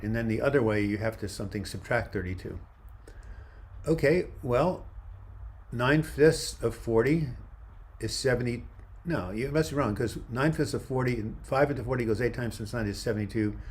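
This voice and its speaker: A man in his seventies rambles through a casual livestream outdoors, speaking into a handheld phone. He reads viewer comments aloud and drifts between thoughts in an everyday mid-range voice. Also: mid-range voice. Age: 70s. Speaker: livestream host. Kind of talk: casual livestream chat answering viewer questions. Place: outdoors by a river waterfront. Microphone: phone held in one hand.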